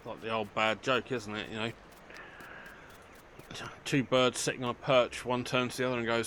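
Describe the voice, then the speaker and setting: A man's voice: medium pitch, flat delivery, normal speed, long pauses, fairly bright tone, a little hiss or hum. An older man, chatting casually through a let's play, joking at his own expense. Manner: chatty, self-mocking, dry humour, talks to game characters. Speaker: gaming channel host.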